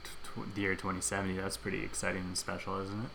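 A man co-hosting a comedy podcast, earnestly pitching absurd ideas with a straight face. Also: monotone, very fast, creaky, crowd noise. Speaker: podcast co-host. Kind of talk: comedic banter.

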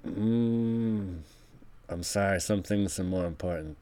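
A man's voice: low-pitched, takes it slowly, warm tone. A man improvising a scheming casino boss in a tabletop role-play, talking bluntly in rambling bursts with self-mocking asides. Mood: bossy.

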